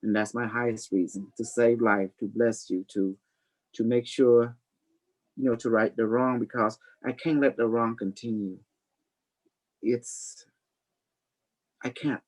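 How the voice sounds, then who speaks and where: A man's voice: medium pitch, steady tone, measured pace, long pauses, darkish tone, low-quality recording. Guy rambling on his livestream, keeps saying you know and honey, kinda preachy. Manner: loose, repetitive, peppered with "you know"; affectionate, calls listeners honey. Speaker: livestream host. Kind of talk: rambling live chat and preaching.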